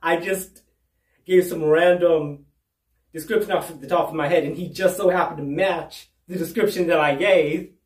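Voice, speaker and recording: A man's voice: fairly high pitch, fairly even intonation, moderate pace, recorded from a distance. A man doing stand-up storytelling from home, rambling with restarts and "right?" asides. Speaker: stand-up comedian. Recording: roomy, away from the mic.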